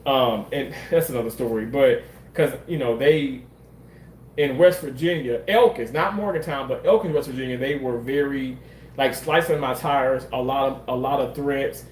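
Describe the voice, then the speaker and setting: A man's voice: mid-range voice, moderate pace, roomy sound, a little hiss or hum, poor audio. A man from Mississippi, telling a personal story in a candid, rambling way and swearing freely. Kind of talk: casual storytelling monologue.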